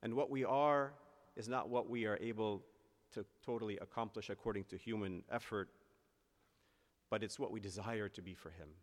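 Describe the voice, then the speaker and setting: A male priest delivers a sermon in a low voice. He builds earnestly to emphatic high points and then slows down deliberately on the phrases that matter. His words hang in the long reverb of a church.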